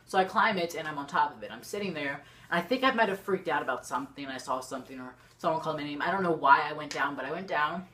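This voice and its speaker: A teenage girl telling a storytime vlog to her camera. She rambles excitedly and fills her talk with lots of "like". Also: low voice, fairly quick. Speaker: YouTuber. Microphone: camera facing the speaker.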